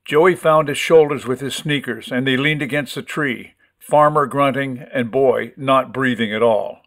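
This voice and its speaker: A man's voice: medium pitch, unhurried, fairly bright tone. Man reading a story aloud. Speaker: narrator.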